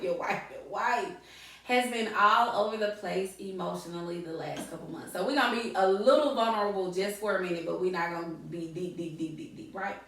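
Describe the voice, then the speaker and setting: A middle-aged woman hosting a podcast, chatting casually and animatedly, laughing often and repeating words for emphasis. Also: mid-range voice. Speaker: podcast host. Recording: echoey room, distant mic.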